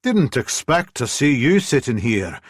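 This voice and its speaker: A man's voice: medium pitch, sing-song, a little slow, husky, no room sound, studio quality, pitched above the performer's own voice. A man voicing an older Scottish woman who runs a pub, friendly and chatty, with a Scottish accent.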